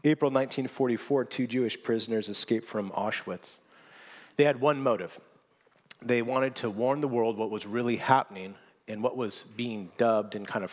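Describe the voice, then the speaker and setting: A man preaching a sermon, telling stories with lively swings from near whispers to loud exclamations, often restarting his words. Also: fairly low pitch. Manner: animated storytelling, swinging from hushed to shouting; frequent restarts and repeated words. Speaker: pastor.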